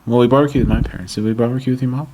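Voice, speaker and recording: A young man from Long Island with a mild Long Island accent, co-hosting a podcast in casual chat, animated and swearing freely as he tells stories. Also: mid-range voice, rapid-fire, slight background noise. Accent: Long Island, New York (mild). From Long Island, New York. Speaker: podcast co-host.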